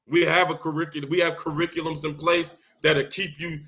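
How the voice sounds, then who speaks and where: A man talking loudly and excitedly in a solo monologue, often repeating himself for emphasis. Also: on the high side, fairly quick. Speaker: video host giving religious advice. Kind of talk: impassioned solo monologue to camera.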